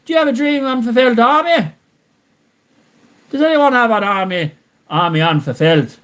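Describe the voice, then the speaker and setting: A man doing a put-on Irish accent as a cheeky, shameless Irishman, talking high and excited and breaking into laughs. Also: full character voice.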